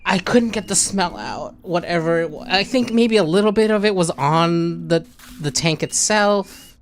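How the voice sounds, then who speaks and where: A man's voice: high-pitched, normal speed, a little hiss or hum. Swearing man telling a story. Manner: animated storytelling, swears often. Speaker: podcast co-host. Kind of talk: casual chat.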